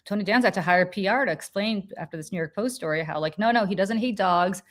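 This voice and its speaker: A woman hosting a podcast, telling a story in casual chat with lively, profane energy. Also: mid-range voice. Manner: animated, profane, quick restarts. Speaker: podcast host.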